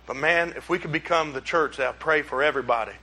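High, bright-voiced preacher man. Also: fast. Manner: folksy and emphatic, with rising exclamations. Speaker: pastor. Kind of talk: sermon.

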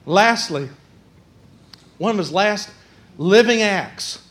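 A man delivers an emphatic sermon in a very high voice. He drops to a hush for quoted lines, then builds back up to raised, forceful exhortation. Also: expressive, slow. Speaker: preacher.

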